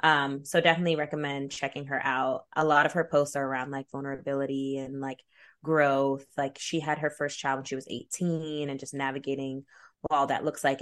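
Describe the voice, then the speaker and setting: A young woman with a low voice co-hosts a podcast in loose, casual chat. She is candid, swears easily and leans on "like" fillers. She has a slight lisp. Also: fairly even intonation, normal speed. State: slight lisp from a dental guard. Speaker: podcast co-host.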